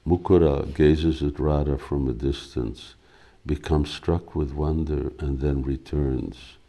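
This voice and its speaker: Slow gravelly-voiced man reading a play. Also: very deep voice, steady tone, dark tone. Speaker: spiritual teacher. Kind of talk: reading a devotional play aloud.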